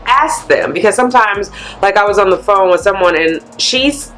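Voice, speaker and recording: A woman vlogger chatting candidly to camera, a blunt and animated storyteller letting off steam. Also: mid-range voice, fairly quick, soft background music. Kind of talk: candid vlog chat.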